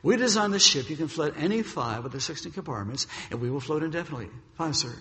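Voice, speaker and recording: A preacher voicing a grave old shipbuilder. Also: male voice, on the high side, expressive, fast, a bit bright, in a large hall. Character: grave older male ship designer breaking bad news.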